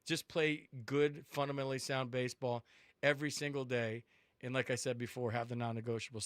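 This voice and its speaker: A man's voice: mid-range voice, flat delivery, a little fast, clean tone, no room sound, clean studio sound. A man hosting a sports call-in radio show, talking emphatically and repeating words for stress.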